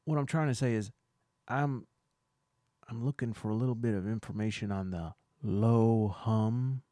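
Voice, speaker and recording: A man's voice: fairly low pitch, mellow, no echo, studio quality, natural voice. A man playing a fumbling Southern investigator. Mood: awkward. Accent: put-on Southern US. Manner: fumbling and halting. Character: awkward male out-of-town investigator.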